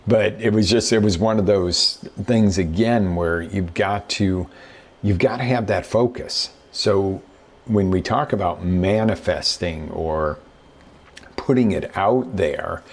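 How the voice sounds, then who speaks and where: A man's voice: on the low side, takes it slowly, slightly rough. A middle-aged man hosting a show as a business coach, telling stories in a casual motivational talk and acting out the quotes. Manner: conversational storyteller who acts out quotes.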